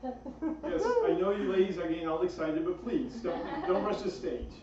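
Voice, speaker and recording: Deadpan man doing stand-up, echoey and far. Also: high voice, moderate pace, a crowd in the background. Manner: deadpan one-liners with fillers. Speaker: stand-up comedian. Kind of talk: stand-up comedy set. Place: small cafe stage. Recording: far-off echoey lo-fi room recording with noise.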